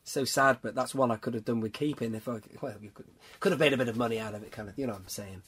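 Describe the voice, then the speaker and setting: A chatty man hosting a casual podcast, laughing often and cutting in on himself. His voice sits at a middle pitch with a husky edge. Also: rapid-fire, fairly bright tone. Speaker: podcast host. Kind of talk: casual chat.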